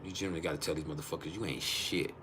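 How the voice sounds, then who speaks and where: A man's voice: extremely low pitch, steady tone, racing, noisy background. A man hosting a casual livestream from home, teasing his viewers with profane jokes and laughing often. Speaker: livestream host. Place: at home, refrigerator behind him.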